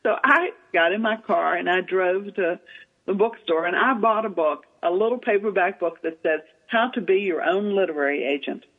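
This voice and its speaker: A woman, telling an animated story as an author and literary agent guest in an interview, with many fillers. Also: fairly low pitch, normal speed. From Southern United States. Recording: tinny phone-line radio sound.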